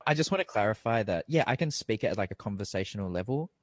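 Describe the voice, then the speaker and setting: Young aussie guy rambling on a video call, lots of "like", low voice, bouncy intonation. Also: animated, fast talker, no echo. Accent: Australian. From Australia. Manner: rambling, filler-heavy, apologetic. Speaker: interviewee. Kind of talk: casual chat.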